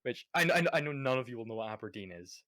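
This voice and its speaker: A man's voice: medium pitch, lively intonation, racing, sharp tone, no echo. Man, scottish accent, rambling profane podcast chat, dry close sound. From Scotland. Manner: rambling, profane, stammering restarts. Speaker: podcast panelist.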